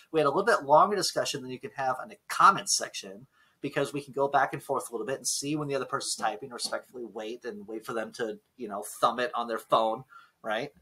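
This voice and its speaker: A man hosting a podcast in casual chat, ranting and swearing, voice swinging between loud and soft. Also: mid-range voice, quick pace, husky, poor audio. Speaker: podcast host. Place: basement room.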